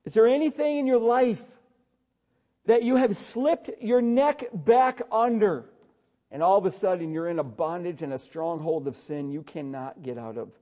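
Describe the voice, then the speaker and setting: A man's voice: high voice, moderate pace, dark tone. A middle-aged man, a pastor, preaching a sermon in an urgent, exhorting way, often calling out to listeners.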